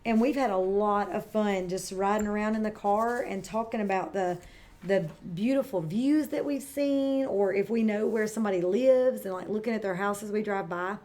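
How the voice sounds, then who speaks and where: A woman's voice: medium pitch, normal speed, a little mellow. A middle-aged woman, a kindergarten teacher, giving a friendly, patient lesson that speaks straight to young children. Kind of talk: read-aloud and classroom lesson for young children.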